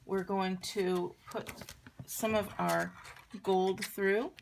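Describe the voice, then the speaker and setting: A woman giving a chatty, relaxed card-making tutorial, talking her viewers through each step as she works. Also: mid-range voice, drawn-out words, vocal fry, noisy background. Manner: chatty, relaxed, talks while working. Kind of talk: crafting tutorial demonstration.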